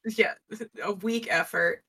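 A woman co-hosting a podcast, chatting in a relaxed, thoughtful way and laughing easily. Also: medium pitch, slow, slightly rough, far from the mic. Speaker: podcast co-host. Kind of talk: casual podcast chat.

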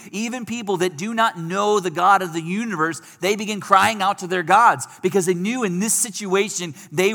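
Bright-voiced preacher in a reverberant hall. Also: male voice, high voice. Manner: conversational preaching, rising for quoted pleas. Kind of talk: sermon.

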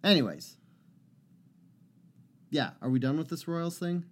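A man's voice: on the high side, very animated, measured pace. Wry teasing podcast co-host man. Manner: wry, teasing, swears casually. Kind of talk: casual podcast banter.

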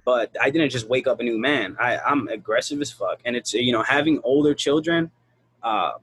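A man talking bluntly and profanely in a casual podcast chat, telling animated stories about his kids. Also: mid-range voice, normal speed, husky.

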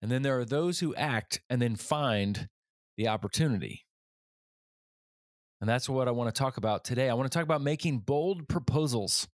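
A man's voice: mid-range voice, normal speed, dry recording, studio quality. A man in his forties hosting a leadership podcast, telling a personal story in an earnest way and getting livelier when he acts out other people. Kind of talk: storytelling monologue.

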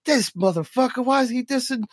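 A man's voice: animated, fairly quick, dry recording, studio quality. A man voicing his younger self as a whiny, nerdy teenage hip hop fan, huffy and outraged. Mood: indignant. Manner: high-pitched, huffy and outraged.

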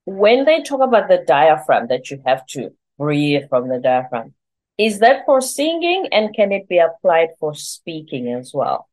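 A woman's voice: low-pitched, very animated, measured pace, a little mellow, low-quality recording. A woman hosting a podcast, chatting in a friendly way, laughing easily and asking her guest open questions. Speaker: podcast host. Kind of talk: conversational interview.

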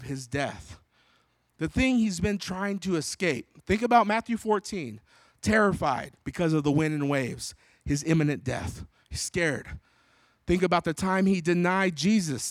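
Man preaching with lively acted quotes. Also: sits high, dry recording, clean studio sound. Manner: expressive, acts out Bible voices, loud on quotes. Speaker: pastor. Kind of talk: sermon.

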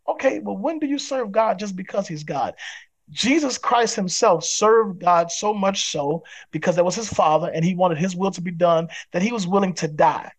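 High-voiced emphatic preaching man. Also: normal speed. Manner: acts out quoted people in other voices. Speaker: pastor and guest. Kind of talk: podcast interview.

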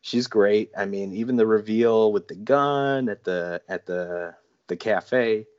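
A man's voice: lowish voice, takes it slowly, a little mellow, lo-fi sound. A man guesting on a podcast in casual chat, gushing and enthusiastic.

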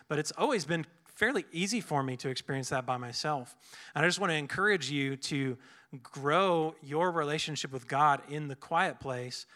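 Young guy preaching casual, lots of likes and restarts, kinda high bright voice. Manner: earnest, casual, many fillers and restarts. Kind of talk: conversational sermon.

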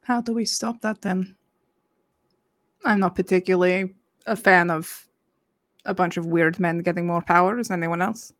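A woman playing a tabletop game, expressive and exclamatory, swearing freely. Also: on the low side, moderate pace, long pauses. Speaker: player. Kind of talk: casual tabletop play.

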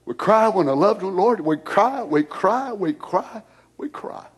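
A man preaching and praying in a sermon, moving from hushed whispers to loud shouts. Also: high voice, expressive, unhurried, husky. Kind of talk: sermon prayer.

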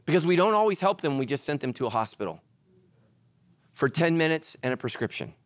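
Animated preaching man, dry sound. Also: fairly high pitch, a little fast, dry recording. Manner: animated preaching, swings between loud and hushed. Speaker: pastor. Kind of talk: sermon.

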